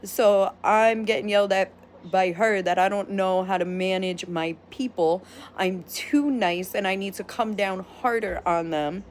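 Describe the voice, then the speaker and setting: A woman vlogger telling a story in a casual, animated rant, blunt and sometimes profane. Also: mid-range voice, measured pace, slight background noise.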